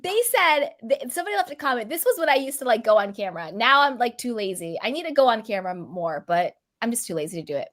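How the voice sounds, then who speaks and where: A woman hosting a casual chat, talking in an animated way and laughing often. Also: a little high, quick pace, hardly any pauses. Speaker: host.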